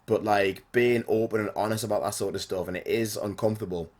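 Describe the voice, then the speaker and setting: A man, talking casually and bluntly as a podcast host, swearing often and filling pauses with "like". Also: on the low side, fairly even intonation. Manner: blunt and sweary, frequent fillers. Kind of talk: casual monologue.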